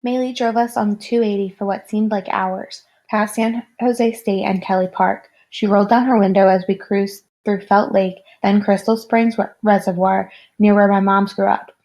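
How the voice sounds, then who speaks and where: A woman reading a novel aloud in steady first-person narration. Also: medium pitch, normal speed, hardly any pauses. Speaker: reader.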